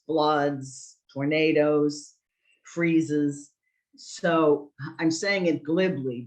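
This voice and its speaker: A woman's voice: deep voice, muffled recording. A woman social worker giving a reflective, conversational webinar talk over a video call. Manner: reflective, conversational, with personal anecdotes. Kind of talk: presentation to an online audience.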